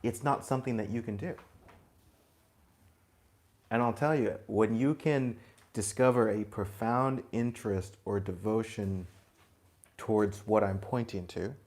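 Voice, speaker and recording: A man giving a spiritual talk to a group, gentle and reflective, chuckling now and then and dropping in blunt asides. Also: lowish voice, a little slow, long pauses. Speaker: spiritual teacher.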